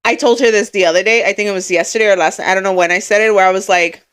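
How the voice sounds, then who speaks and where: A woman's voice: mid-range voice, rapid-fire, smooth. A woman co-hosting a casual podcast, telling stories with acted-out quotes and frequent laughter. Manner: laughs often, animated storytelling with put-on quotes. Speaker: podcast co-host. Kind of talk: casual chat.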